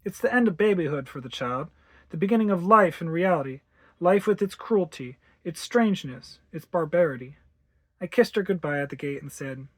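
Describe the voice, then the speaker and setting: A narrator reading a ghost story aloud in an expressive way, acting out the dialogue. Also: mid-range voice, moderate pace, husky, dry recording. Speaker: audiobook narrator.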